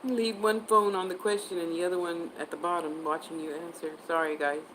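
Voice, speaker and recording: Woman psychic hosting a livestream, lower-pitched, chatty with viewers, faint noise behind. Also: level tone, a little fast, a bit bright, rough recording. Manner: chatty, answers viewer comments, spells words out. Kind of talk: casual livestream chat.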